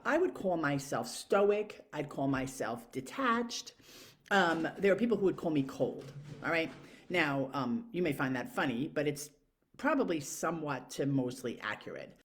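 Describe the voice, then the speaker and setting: A woman talking casually to camera in a frank, profane, rambling way, full of fillers. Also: low voice. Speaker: vlogger.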